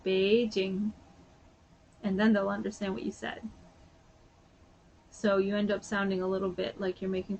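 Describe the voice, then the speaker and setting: A woman's voice: mid-range voice, a little hiss or hum. A woman vlogger chatting casually and sounding a bit sleepy, rambling with lots of fillers. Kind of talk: casual chat.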